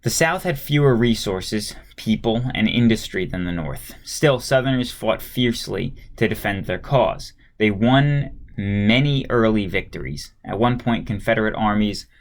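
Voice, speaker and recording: A man reading a history textbook aloud at a steady pace, stopping now and then for a casual aside and sometimes stumbling and restarting a word. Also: fairly low pitch, measured pace, few pauses.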